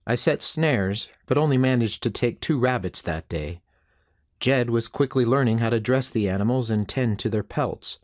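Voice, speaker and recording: A man reading a western novel aloud as an audiobook narrator, in a steady, unhurried storytelling manner. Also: mid-range voice, no room sound, studio quality.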